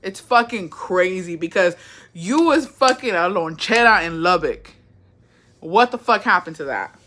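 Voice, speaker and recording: Young woman livestream host, sassy, profane, animated, bright edgy voice. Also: lowish voice, a little slow. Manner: animated, profane, sassy, reads chat aloud. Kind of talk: casual livestream chat.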